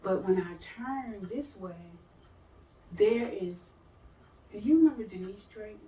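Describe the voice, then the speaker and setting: Middle-aged woman, interview guest, animated storyteller who mimics others; distant mic, roomy sound. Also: measured pace. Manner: animated, acts out quoted voices with big pitch jumps. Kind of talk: personal storytelling. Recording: roomy, from far off the mic, faint noise.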